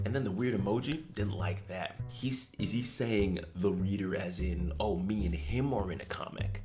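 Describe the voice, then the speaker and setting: A man gives deadpan, sarcastic comedic commentary in a very deep voice. He sometimes drops into mock-dramatic whispers. Background music plays under him. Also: a little fast. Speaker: comedy vlogger.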